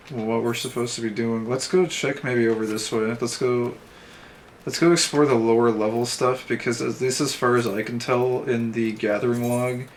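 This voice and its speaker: A man's voice: mid-range voice, slight background noise. A young man streaming an online game, thinking aloud in a dry, sarcastic way and reading quest text as he plays. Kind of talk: casual let's-play commentary, reading game text aloud. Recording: faint game music underneath.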